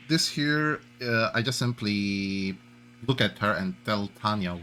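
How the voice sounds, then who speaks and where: Low-voiced man casually playing a tabletop game. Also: takes it slowly, fairly bright tone, slight background noise, poor audio. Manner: casual, hesitant, with many fillers. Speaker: player.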